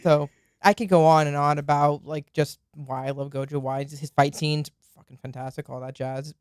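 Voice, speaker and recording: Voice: medium pitch, fairly even intonation, normal speed, darkish tone, clean tone, no room sound, clean studio sound. A podcast co-host chatting about anime playfully, often slipping into characters' voices. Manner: playful, acts out characters in quotes. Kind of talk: casual anime chat.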